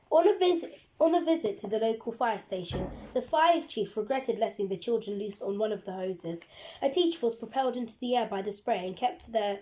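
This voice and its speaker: Mellow-voiced woman reading a storybook. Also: a little high. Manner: expressive, lively storytelling. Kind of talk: reading a children's book aloud.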